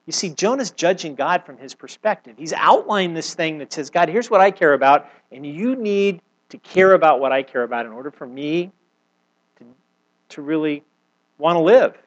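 Pastor with a slightly high voice. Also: male voice, normal speed, poor audio. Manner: reads scripture aloud and retells it with expressive emphasis. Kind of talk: sermon.

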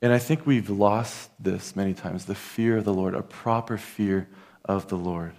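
A man's voice: on the low side, moderate pace, darkish tone. Earnest man preaching a sermon. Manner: earnest, conversational, addresses listeners directly.

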